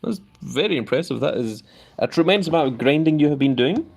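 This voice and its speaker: A man's voice: fast talker, vocal fry. Chatty male streamer reading viewer comments. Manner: chatty, reads out viewer comments with lively jumps in pitch; hedging with many fillers. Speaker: live stream host. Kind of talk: casual live-stream chat.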